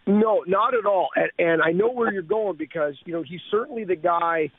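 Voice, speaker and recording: Higher-voiced man rambling on golf radio. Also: moderate pace, slightly rough. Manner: rambling, many fillers. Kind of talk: casual radio chat. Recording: dry, phone-like radio audio.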